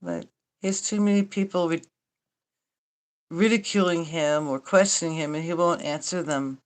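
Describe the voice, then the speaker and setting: Older woman host, low-pitched, chatty and rambling with dry self-mocking humor and casual cursing. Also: fairly even intonation, normal speed. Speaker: livestream host. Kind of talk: casual livestream chat.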